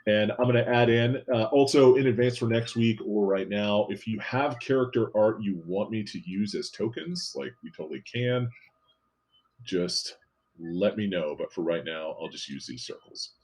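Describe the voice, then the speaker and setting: A man running a tabletop role-playing game as game master, explaining rules and narrating scenes in a relaxed way with frequent fillers. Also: on the low side, moderate pace.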